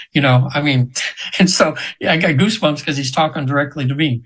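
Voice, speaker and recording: Here a man in his seventies, guesting as a hypnotherapist in an interview, talks fairly quickly while rambling through anecdotes with fillers and restarts, at times voicing the people he quotes. His husky voice is on the high side and a bit bright, on a low-quality recording.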